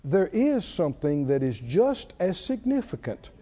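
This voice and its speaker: A man's voice: sits high, a little slow, muffled recording. An older male pastor preaching a sermon, telling stories with frequent laughs and calling on the congregation to answer back. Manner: animated storytelling, laughing often, calling for congregation responses.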